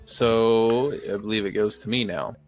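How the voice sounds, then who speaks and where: A man's voice: fairly low pitch, a little slow, faint music behind. A man narrating as dungeon master in a loose, chuckling way, swearing casually now and then. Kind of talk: narrating a tabletop game.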